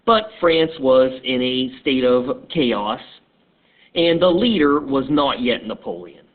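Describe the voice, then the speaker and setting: Slow, husky male history teacher. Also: medium pitch, expressive. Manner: conversational, halting, digressive. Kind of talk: casual storytelling lesson. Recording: tinny phone-like recording.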